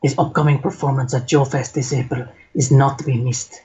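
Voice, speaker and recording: A man's voice: mid-range voice, steady tone, brisk, warm tone, slight background noise, close to an everyday voice. A man putting on a suave Spanish-accented announcer voice, reading in a hammy, dramatic way, on a dull lo-fi recording.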